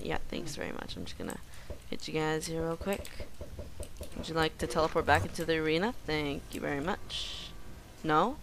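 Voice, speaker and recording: A woman giving casual gameplay commentary in a playful way, joking with the game creatures and bursting into excited yells. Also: low voice, moderate pace, gravelly, slight background noise.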